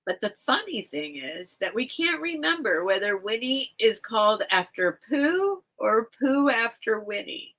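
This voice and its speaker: Speaking at a measured pace with barely any pauses, this livestream seller has a high-leaning, sing-song, fairly bright voice. She reads a children's book on a casual stream, chatting and rambling between pages, peppering her talk with "like" as she teeters on the edge of crying. Poor audio.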